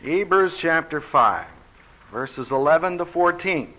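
On a dull, lo-fi recording, a man with a fairly high pitch teaches Bible study without hurrying. He speaks with emphasis and animation, slipping in dry humor.

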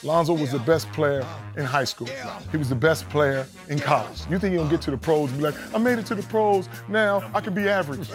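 A man's voice: on the high side, fairly quick, close to an everyday voice. A man speaking in a clip that is played over music.

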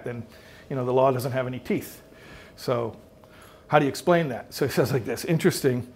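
Male rabbi, mid-range voice, relaxed teaching delivery that turns emphatic on key points. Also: medium pitch. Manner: emphatic, swells and drops in loudness, asks rhetorical questions. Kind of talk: conversational religious teaching.

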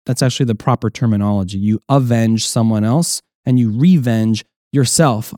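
A male pastor delivering a sermon, earnest and explanatory, who slips into acted quotations. His voice sits at a middle pitch. The recording is dry and close, with no room echo. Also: moderate pace, hardly any pauses, mellow.

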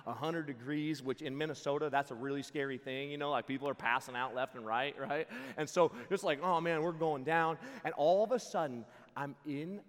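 Animated young preacher man, big hall. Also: mid-range voice. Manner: animated, joking, lots of "like" and "dude". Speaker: camp preacher. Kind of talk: comic storytelling sermon.

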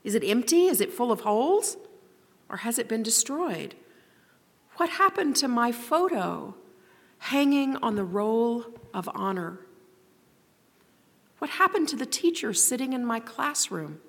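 Frightened young girl, read by a woman, soft questioning voice, slow, ringing hall reverb. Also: a little high, very animated, gravelly, pitched above the performer's own voice, heavily acted. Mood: anxious. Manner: quiet, questioning, pleading.

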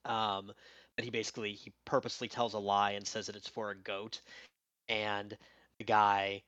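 A man's voice: lowish voice, normal speed, clear, resonant tone, no room sound, dull audio. A man co-hosting a podcast, talking casually about movies and acting out quotes from scenes. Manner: animated, acts out quotes from scenes. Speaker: podcast co-host. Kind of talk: casual film discussion.

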